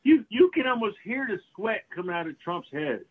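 A man co-hosting a political talk show, excitable and profane, talking emphatically. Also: high-pitched, normal speed, breathy edge. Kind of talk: casual political commentary. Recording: tinny phone-like line.

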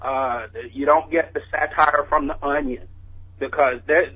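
Guy calling in on a tinny phone, stammers a bunch, high husky voice. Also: fairly even intonation. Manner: halting, stammering, earnest. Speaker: caller. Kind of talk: phone-in call.

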